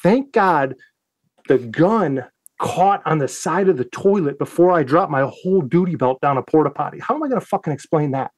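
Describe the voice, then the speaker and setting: Animated, profane man spinning a yarn. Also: fairly high pitch, normal speed, no room sound. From United States. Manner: profane, animated, acts out his own quotes. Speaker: guest, Navy veteran. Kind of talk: casual podcast storytelling.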